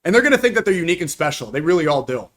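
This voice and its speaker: A young man with a high-pitched voice fires back at a played clip in rapid, accusatory bursts. His live-stream reaction commentary is combative and relentless. He stacks charges one after another in a heated rant. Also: big pitch swings, fairly bright tone.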